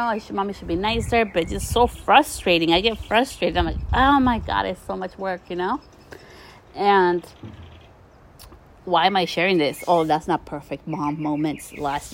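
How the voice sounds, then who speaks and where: A woman's voice: fairly low pitch, a little hiss or hum. A woman hosting a podcast, talking casually and encouragingly to listeners as a mother, recorded outside her country home. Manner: warm, chatty, encouraging, addresses listeners as "you guys". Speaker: podcast host. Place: outdoors near a country house. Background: birdsong.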